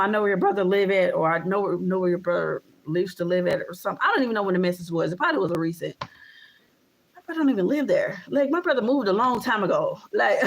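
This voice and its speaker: A woman's voice: fairly high pitch, slight background noise. A woman in her thirties ranting casually to camera as a vlogger, emphatic and repetitive, with frequent swearing. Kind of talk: casual vlog rant.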